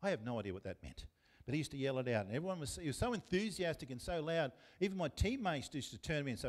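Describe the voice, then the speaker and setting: In a church, an Australian-accented pastor preaches a sermon in a conversational way, putting questions to his congregation. His voice is on the high side, and he speaks briskly and with great animation.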